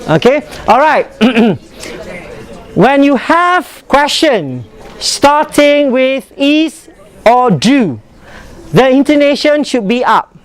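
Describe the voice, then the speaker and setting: Animated man teaching, slow and lively. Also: very high-pitched, some chatter behind. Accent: British-leaning English. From Malaysia. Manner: animated, demonstrative, mixes in Malay phrases. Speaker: English workshop instructor. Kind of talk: classroom lesson on pronunciation. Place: workshop classroom.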